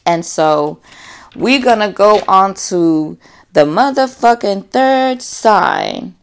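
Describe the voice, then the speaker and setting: A woman's voice: medium pitch, slow pace, clear, resonant tone. A woman hosting a casual solo podcast, talking bluntly with lots of profanity and addressing her listeners as y'all. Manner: blunt, profane and animated, acts out quotes. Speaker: podcast host.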